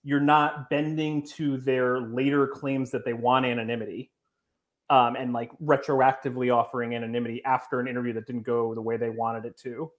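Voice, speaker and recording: A man's voice: mid-range voice, level tone, brisk. A man answering as a guest journalist, earnest and defensive, with many fillers as he explains himself. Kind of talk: interview answers.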